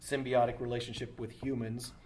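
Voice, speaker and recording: A male voice actor at a convention, swinging between relaxed storytelling and sudden squeaky cartoon voices. His speaking pitch sits in the middle range. A faint hum of the convention hall stays behind him. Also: a little fast. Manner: animated storyteller, bursts into high cartoon voices. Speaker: voice actor and director. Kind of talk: convention interview chat. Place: busy convention floor.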